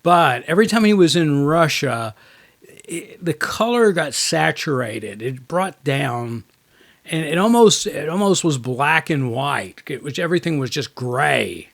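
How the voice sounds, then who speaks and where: A man's voice: on the high side, expressive, unhurried, gravelly, a bit bright. A man co-hosting a podcast in casual chat, a rambling storyteller who laughs often. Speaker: podcast co-host.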